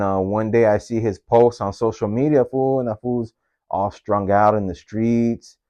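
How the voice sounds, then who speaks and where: A man's voice: mid-range voice, a little mellow, dull audio. A man, casually telling a personal story in street slang, tagging his phrases with homie, dog and fool.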